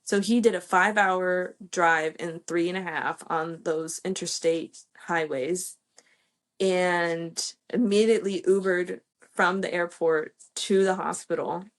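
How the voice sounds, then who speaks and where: A woman's voice: lowish voice, steady tone, takes it slowly. A young American woman telling a personal story in a chatty way, full of "like" and "okay", acting out what others said. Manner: chatty, fills with "like" and "okay", acts out quoted voices. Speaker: podcast host sharing her birth story.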